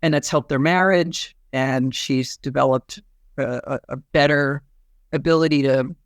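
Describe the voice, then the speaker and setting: A woman psychiatrist tells a patient's story in an easy conversational way. She restarts her sentences often and breaks into soft laughs now and then. The recording is close and dry, with no room sound. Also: extremely low pitch, fairly even intonation, a little slow, dry recording. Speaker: psychiatrist guest.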